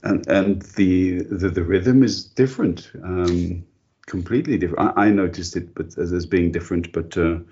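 A male interviewer with a very low, husky voice. He asks long, eager questions and stumbles over repeated words. The recording is dull and lo-fi. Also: normal speed, a little mellow.

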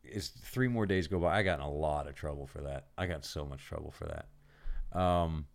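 A man hosting a podcast, casually telling a profane, animated story about his navy days. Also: a bass voice, moderate pace, gravelly. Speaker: podcast host.

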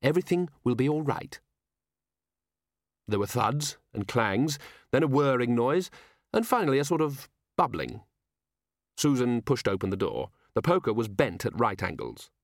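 A man reading a novel aloud as narrator, with expressive storytelling. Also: medium pitch, normal speed, no echo, clean studio sound. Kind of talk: audiobook reading.

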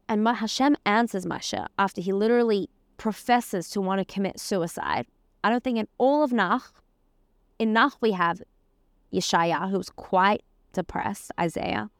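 A woman's voice: mid-range voice, measured pace, no room sound, clean studio sound. Woman teaching a casual Torah lesson. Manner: conversational, dropping Hebrew terms and verses. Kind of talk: casual spoken lesson on the weekly portion.

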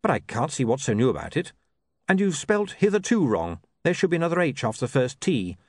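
A man's voice: fairly high pitch, very animated, a little fast, no echo, studio quality, pitched above the performer's own voice. A man voicing an earnest, flustered young writer who talks politely and hesitantly.

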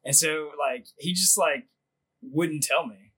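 A husky-voiced man in his thirties spins a crude, rambling story, pitched a bit higher than most men. He laughs often and fills every pause with "like" in loose podcast banter. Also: sharp tone. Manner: rambling, laughs a lot, heavy "like" filler. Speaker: podcast co-host.

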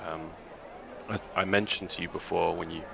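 A man voicing a guarded young man on the run, speaking in a halting, subdued way during a tabletop game. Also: low-pitched, fairly even intonation, gravelly, crowd noise, noisy background. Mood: somber. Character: guarded young man fleeing a gang past. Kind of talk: tabletop game role-play.

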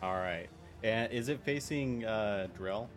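A man's voice: fairly low pitch, slow, soft background music. A man playing a tabletop game, chatting casually and cracking crude jokes. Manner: crude joking. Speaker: player.

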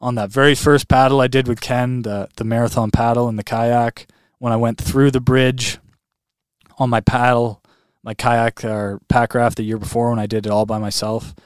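A man, a podcast guest, telling a story in a casual, animated way, full of "like" and "man". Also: medium pitch, moderate pace, clear, resonant tone, dry recording, studio quality. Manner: animated, heavy on fillers like "like" and "man". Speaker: guest recounting a long lake swim.

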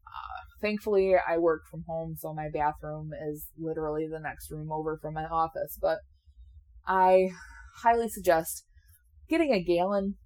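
A woman's voice: sits low, normal speed, darkish tone. A woman in her late twenties chatting casually and candidly, laughing often and swearing now and then, a little sleepy. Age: 20s. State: sleepy, yawning. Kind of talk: casual chat.

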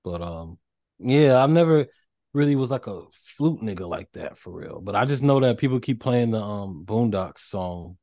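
A man with a lowish voice co-hosting a casual podcast chat. He drawls in a laid-back way and tosses out dry remarks. His voice sounds close and dry, with no room around it. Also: lively intonation, moderate pace, warm tone, no echo. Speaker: podcast co-host.

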